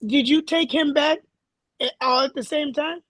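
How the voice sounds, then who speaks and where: A woman's voice: sits high, steady tone, a bit bright, no echo, low-quality recording. A woman co-hosting a podcast, asking questions and laughing in a casual chat. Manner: laughing, quick interjections and questions. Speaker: podcast co-host.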